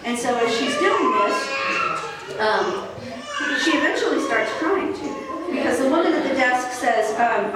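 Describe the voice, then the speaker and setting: A woman's voice: sits high, very animated, measured pace. Conversational woman pastor in an echoey church. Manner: conversational storytelling with fillers. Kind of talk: sermon. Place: church sanctuary. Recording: echoey church hall from far off.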